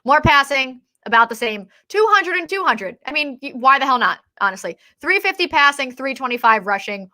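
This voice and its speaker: A woman co-hosting a casual sports chat, excitable, often trailing off and restarting mid-sentence. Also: high-pitched, brisk, few pauses. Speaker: podcast co-host.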